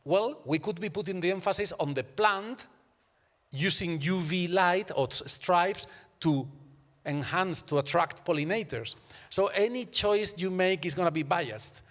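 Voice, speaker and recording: A fairly high-voiced man argues his point emphatically on a live symposium panel. He often stops to ask "right?" of the people around him. The sound rings with the long reverb of an auditorium. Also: a little slow, fairly bright tone. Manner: emphatic, keeps checking in with "right?". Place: university auditorium.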